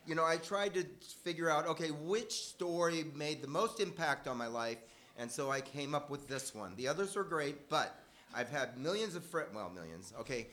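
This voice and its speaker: A man's voice: fairly high pitch, fairly bright tone. An older man telling a personal story live to an audience, conversational and wry, correcting himself as he goes.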